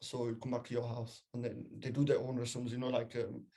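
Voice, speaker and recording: A young man chatting casually on a podcast, telling stories in an animated way and swearing freely. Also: medium pitch, fast talker, gravelly. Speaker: podcast co-host. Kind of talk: casual chat.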